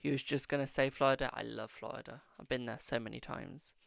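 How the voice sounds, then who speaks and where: A man's voice: mid-range voice, steady tone, a little fast, creaky, no echo. A man hosting a casual live-stream tarot reading, chatting affectionately with viewers and calling them "my darling".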